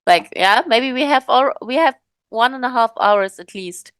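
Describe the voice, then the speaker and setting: A woman's voice: a little high, animated, moderate pace, a bit bright, clean tone, no echo. A woman co-hosting a podcast in casual chat, thoughtful and rambling, with many fillers and restarts. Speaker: podcast co-host.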